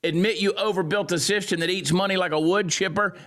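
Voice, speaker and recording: A man giving sarcastic, mocking political commentary, swinging from loud jeers down to low grumbles. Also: fairly even intonation, brisk. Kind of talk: ranting commentary.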